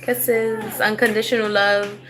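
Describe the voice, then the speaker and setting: A woman's voice: mid-range voice, level tone, a little slow, crowd noise. A woman chatting casually on a live stream as a tarot reader. She talks bluntly and swears freely. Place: at home with her young son nearby.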